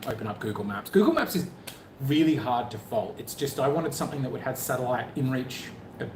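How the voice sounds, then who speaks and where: A man co-hosting a travel live stream in casual chat, joking and rambling with many restarts. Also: medium pitch. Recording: echoey room, faint background noise.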